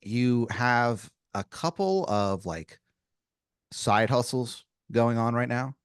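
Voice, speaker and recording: A man hosting an improvised comedy podcast, laying out a long scenario with halting restarts. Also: mid-range voice, animated, clear, resonant tone, no echo, clean studio sound. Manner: rambling, hesitant setup full of restarts. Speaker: podcast host.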